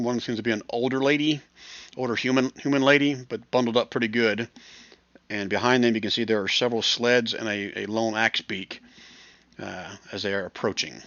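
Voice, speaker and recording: Male game master, bright, dry, dull lo-fi call audio, relaxed narration. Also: mid-range voice, vocal fry, no room sound. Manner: relaxed, many fillers.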